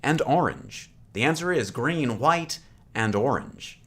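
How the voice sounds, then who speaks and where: An excitable, playful man co-hosting a casual game livestream and reading out trivia questions. His pitch swoops all over as he talks, animated and bouncy. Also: slow. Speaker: livestream co-host.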